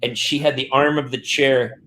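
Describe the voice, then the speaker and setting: Telling stories in an easy, chatty way, the middle-aged podcast host speaks with a medium pitch at a moderate pace. He acts out quotes with animation and laughs frequently, with slight background noise behind him.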